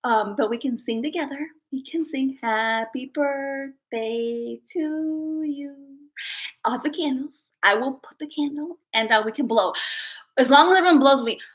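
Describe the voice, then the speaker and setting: A young woman hosting a casual livestream, bubbly and excitable, chatting to her viewers. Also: high-pitched, unhurried. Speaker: livestream host.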